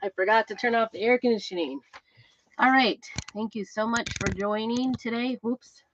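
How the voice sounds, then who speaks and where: A woman's voice: on the high side, normal speed, slight background noise. A middle-aged woman hosting a live crafting stream, chatting casually with viewers, greeting them by name, with lots of fillers and a slightly breathless delivery. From Idaho, USA. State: a bit out of breath. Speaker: crafting livestream host. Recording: dull, slightly lo-fi sound.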